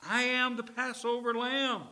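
A man's voice: very high voice, little pitch movement, unhurried, bright, forceful tone, voice pushed up, heavily acted. A man voicing Jesus as an earnest, emphatic teacher who coaxes and urges his followers. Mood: insistent. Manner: urgent, emphatic, coaxing.

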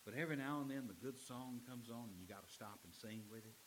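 A middle-aged man preaching a sermon as pastor. He swings from loud, emphatic lines to low, quiet ones. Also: fast, slight background noise, poor audio.

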